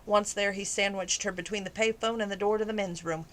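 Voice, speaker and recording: A woman's voice: mid-range voice, steady tone, fairly quick, a bit bright. A woman reading a romance novel aloud as a hobby, with casual asides and laughs between passages. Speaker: amateur audiobook reader.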